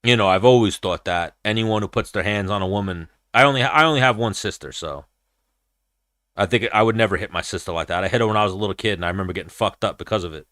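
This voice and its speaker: A man's voice: fairly low pitch, fast, a bit bright, no room sound, studio quality. A man hosting a combat-sports podcast, talking in a blunt, profane, rambling way. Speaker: podcast host. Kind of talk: casual combat-sports chat.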